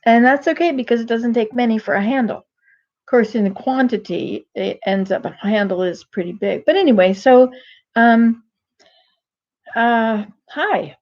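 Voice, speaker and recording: An older woman talks to her viewers in a folksy live-stream monologue, wandering from one thought to the next and restarting her sentences often. Her voice sits a little high. The webcam audio is dull and muffled. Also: unhurried, a little mellow. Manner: rambling, digressive, many restarts. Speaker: vlogger.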